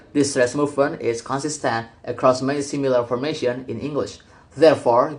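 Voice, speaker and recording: A young man, a student, reads a prepared class presentation from a script at a steady pace, with the odd restart. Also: medium pitch.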